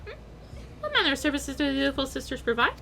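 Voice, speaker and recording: A woman's voice: sits high, very animated, fast, creaky, pushed and bright, slight background noise, pitched above the performer's own voice, heavily acted, poor audio. A woman voicing a stiff, formal port official with stern, proper phrasing.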